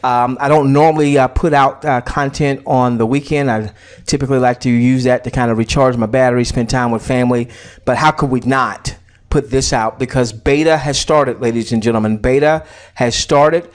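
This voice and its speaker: A man's voice: medium pitch, fairly even intonation, fairly quick. A middle-aged man promoting an online business in a casual screen-share walkthrough, chatty with many fillers and repeats, fighting a slight cough.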